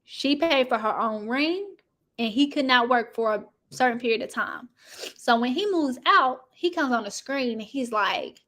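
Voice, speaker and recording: A woman hosting casual reality TV gossip commentary, chatty and animated, talking straight to her viewers. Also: high voice, normal speed. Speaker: host.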